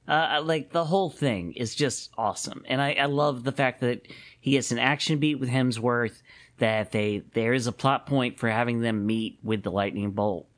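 A man co-hosting a podcast, chatting casually at a middle pitch. He sounds animated and laughs easily, often breaking off to restart a thought. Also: moderate pace. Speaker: podcast co-host. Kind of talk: casual chat.

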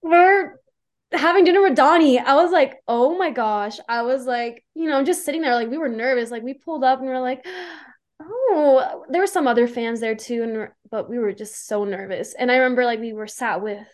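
A young woman in casual chat, retelling a story with breathless enthusiasm. Her voice sits a little higher than most, and she leans on "like" and acted-out quotes. She sounds eager and chatty throughout. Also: fast, few pauses. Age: young adult. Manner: gushing, filler-heavy with "like". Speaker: fan guest.

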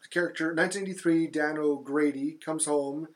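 A man's voice: fairly high pitch, steady tone, a little fast. A man co-hosting a casual movie review podcast, recapping the plot with many fillers and restarts. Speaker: podcast co-host.

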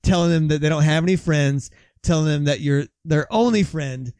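A man's voice: a little high, moderate pace, a little mellow, clean tone, no echo. A man hosting a podcast, chatting casually and swearing freely as he reads out quotes. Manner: loose and conversational, swears freely, laughs often. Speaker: podcast host. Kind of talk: casual chat, reading out quotes.

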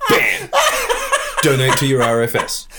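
A man's voice: mid-range voice, fairly quick, very noisy. A man giving a punchy, dramatic recap as a correspondent sending in a recorded report.

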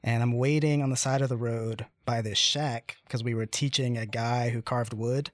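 A young man in his twenties hosts a relaxed conversation, telling stories with lively pacing and plenty of "like" and "you know." His voice sits at a middle pitch. The recording is dry and close, with no room sound. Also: no echo. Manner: animated, fast-paced storytelling with fillers. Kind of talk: casual storytelling chat.

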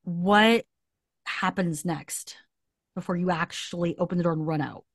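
A woman interviewer gently asking careful, probing questions about a guest's experience. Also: on the low side, a little slow, no echo, clean studio sound.

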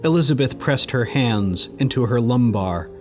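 A man narrating a horror story in a measured, deliberate way. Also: medium pitch, expressive, over music.

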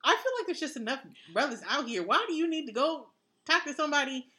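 A woman's voice: high voice, lively intonation, fast, pushed and bright. A young woman co-hosting a podcast in casual chat, blunt and firm, with dry asides. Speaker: podcast co-host.

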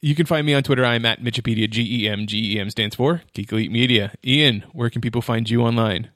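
A man's voice: mid-range voice, quick pace, a bit bright, no echo, studio quality. A man hosting a casual podcast, laughing often and reading the show's plugs. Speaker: podcast host.

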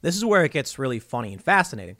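A man hosting solo political commentary, talking in an animated, self-interrupting way. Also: medium pitch, rapid-fire. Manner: animated, self-interrupting, mocking quoted voices.

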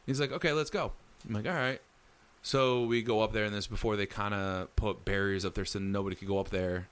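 A man telling a story in casual chat, animated and acting out the lines he quotes. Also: lowish voice, brisk, clear, resonant tone. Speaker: storyteller recounting a ghost encounter.

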